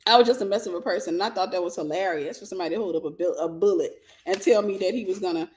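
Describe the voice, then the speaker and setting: A woman host telling a personal story and giving dating advice in a lively, casual way, often breaking into laughter. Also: fairly low pitch, very fast. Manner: animated, bursts into laughter, vernacular.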